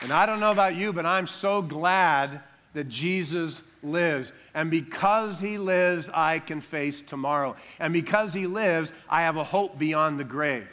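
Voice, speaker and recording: Bright-toned emphatic male preacher. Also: a little high, measured pace, hardly any pauses, some chatter behind. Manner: emphatic preaching, calls for amens, drops soft on solemn lines. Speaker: pastor. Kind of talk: sermon.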